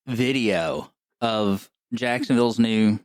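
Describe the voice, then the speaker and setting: A man co-hosting a podcast, telling stories in a joking, animated way as casual chat. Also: on the low side, takes it slowly, no room sound, studio quality. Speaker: podcast co-host.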